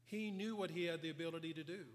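An earnest man preaches fast in a church sanctuary, his slightly high voice trailing a long hall reverb. During the sermon he retells scripture using voiced quotes and grows quiet for emphasis.

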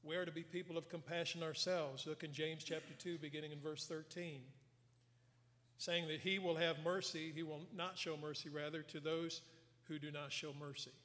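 A man preaching a sermon, earnestly retelling scripture and dropping his voice soft for emphasis. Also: fairly high pitch, flat delivery, normal speed. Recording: long hall reverb.

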